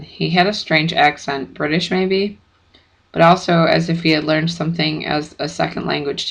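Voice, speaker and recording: A narrator reading a first-person chapter book aloud in steady, plain audiobook narration. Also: mid-range voice, normal speed, creaky, low-quality recording.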